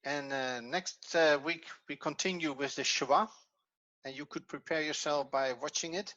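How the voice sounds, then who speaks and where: Male teacher, clear bright voice, patient and methodical, dull lo-fi recording. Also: on the high side, normal speed, no room sound. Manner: patient, step-by-step explaining, thinks aloud. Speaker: Hebrew teacher. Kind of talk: evening class lesson.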